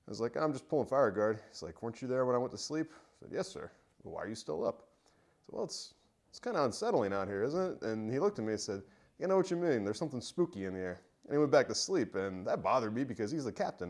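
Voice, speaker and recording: Man, low-ish pitch, storyteller; relaxed spoken ghost story, unpolished and halting. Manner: conversational, halting with frequent pauses and fillers.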